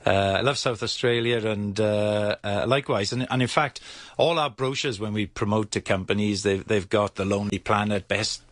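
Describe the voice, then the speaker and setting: A middle-aged man with a Welsh accent, an agency chief speaking in a casual radio chat, pausing often with fillers and restarts. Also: lowish voice, dry recording. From Wales. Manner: hesitant, many fillers and restarts. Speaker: investment agency CEO.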